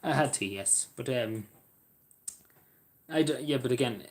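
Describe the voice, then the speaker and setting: A man with an Irish accent chatting casually with viewers on a live stream, halting and rambling with many fillers, often apologizing. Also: mid-range voice, a little hiss or hum.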